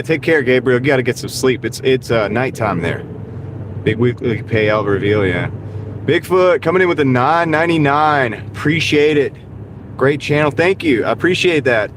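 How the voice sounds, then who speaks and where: A man hosting a casual live stream while driving, upbeat and thanking viewers by name, his voice tired and wearing out. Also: mid-range voice. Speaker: livestream host. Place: in a moving car. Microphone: wireless mini clip-on mic. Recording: car ride with clear road noise. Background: road and car noise.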